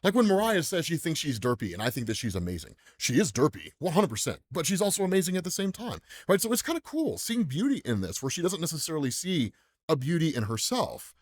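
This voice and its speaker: An American man hosts a comics explainer channel, chatting casually at a quick pace in a voice that sits high and swings widely in pitch. He laughs often and leans on "right?" at the end of his sentences.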